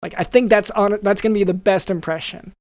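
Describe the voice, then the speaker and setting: A man's voice: high-pitched, steady tone, brisk, a little mellow, no echo. A man on a podcast riffing through a sponsor read in a rambling, jokey way, with many restarts. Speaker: podcast co-host reading an ad. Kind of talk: improvised comedic ad read.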